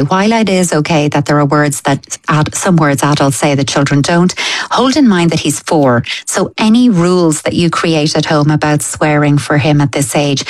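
A woman talks through parenting advice in a calm, practical way. The sound is dry and close, with no room around it. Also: deep voice, no room sound. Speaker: parenting expert. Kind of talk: advice on a radio phone-in show.

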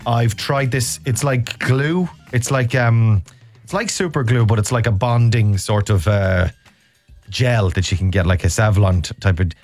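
A man's voice: mid-range voice, unhurried, darkish tone, soft background music. A man hosting a radio show, rambling and self-mocking as he chats and bluntly teases callers. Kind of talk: casual radio chat.

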